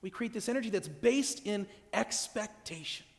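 Guy preaching a sermon, pretty high voice, chatty, big reverb from the church. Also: animated, moderate pace. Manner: conversational, acts out quoted dialogue. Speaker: pastor. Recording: echoey church hall.

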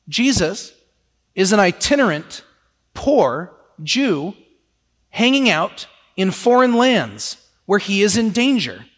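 A man preaching a sermon in a lively, conversational way, often slipping into quoted voices. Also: sits high, long reverb tail.

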